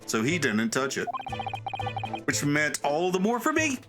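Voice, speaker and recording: A man's voice: on the high side, wildly swooping pitch, a little slow. A man voicing a wry, fretful young lawyer. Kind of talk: game dialogue read-through. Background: game music.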